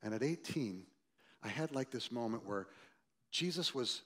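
Pastor, man, 60s, storytelling sermon, lively and shifting in loudness. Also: unhurried. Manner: animated, acts out quoted voices loudly, then drops low and quiet.

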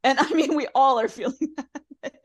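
A woman's voice: high-pitched, normal speed. A woman co-hosting a podcast, chatting casually and swearing as she recaps a reality show and acts out the cast's lines. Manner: animated, swearing, acting out quotes. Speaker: podcast co-host.

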